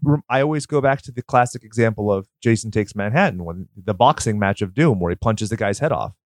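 A man co-hosting a casual podcast chat about movies, opinionated and quick to riff, with the odd swear. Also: on the low side, dry recording, clean studio sound. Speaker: podcast co-host.

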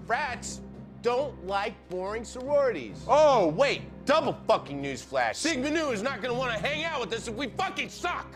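A man's voice: extremely high pitch, very animated, moderate pace. An actor playing a furious young woman sorority officer who rants and swears in a dramatic reading over music. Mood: ranting. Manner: profane, seething, building to screaming. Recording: loud music under the voice.

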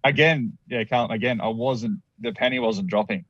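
A man's voice: mid-range voice, moderate pace, a bit bright, dull audio, slight background noise. An Australian man telling a personal story as a guest, rambling with restarts and acted-out quotes.

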